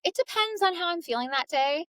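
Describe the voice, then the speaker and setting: A middle-aged woman audiobook narrator chatting as an interview guest, upbeat and quick to laugh. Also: expressive, a bit bright, no room sound. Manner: bubbly, laughs often, drops into low voice to demonstrate. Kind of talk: casual interview chat.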